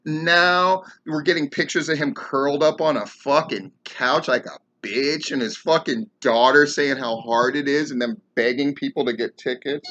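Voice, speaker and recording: A man's voice: mid-range voice, steady tone, normal speed, hardly any pauses, over music. A man hosting his own commentary show, ranting heatedly and sarcastically with lots of swearing. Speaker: podcast host and wrestling commentator. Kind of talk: profane rant commentary.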